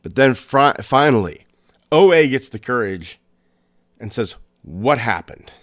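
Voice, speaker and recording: Slow, suspenseful male storyteller. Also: mid-range voice, big pitch swings. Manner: slow, suspenseful, with pauses and restarts. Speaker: podcast host. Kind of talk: storytelling narration.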